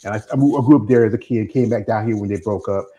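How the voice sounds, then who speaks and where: On poor audio, a man with a Northern US accent and a slight Southern twang hosts a casual interview chat, loose and rambling. His voice is fairly low, fast and warm.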